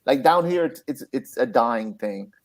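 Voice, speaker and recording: A man's voice: mid-range voice, animated, unhurried. Older male host, rambling casual chat with lots of laughs. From Louisiana. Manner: rambling, repeats himself, laughs often.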